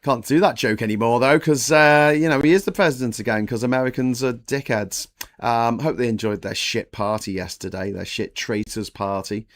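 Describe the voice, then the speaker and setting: A man's voice: mid-range voice, normal speed. A middle-aged man from the UK hosting a casual political live stream. He is blunt and sweary, and rambles with lots of fillers.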